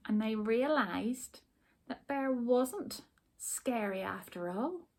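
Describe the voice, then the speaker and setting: A woman teacher reading a rhyming picture book aloud to children, expressive and stopping to ask about the rhymes. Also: fairly high pitch, takes it slowly, gravelly, pauses often. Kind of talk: storybook read-aloud for children.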